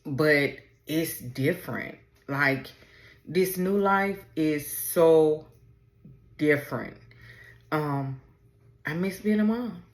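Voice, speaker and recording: A woman in her forties hosting a personal podcast, talking in a halting, emotional way as she fights back tears. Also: sits low. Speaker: podcast host. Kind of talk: personal podcast talk on camera. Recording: roomy echo.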